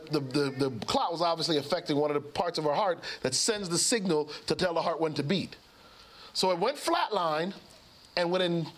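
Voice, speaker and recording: A man, a pastor and physician, telling a story in a lively sermon style and acting out the voices he quotes. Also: on the high side. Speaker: pastor and physician speaking on a ministry show.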